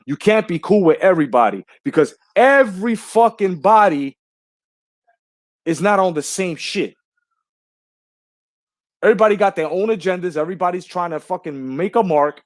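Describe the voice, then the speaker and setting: A man's voice: high-pitched, animated, moderate pace, pauses often, dry recording. A man telling a story in a heated, indignant and profane way, as a commentator on a boxing channel. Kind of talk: casual ranting monologue.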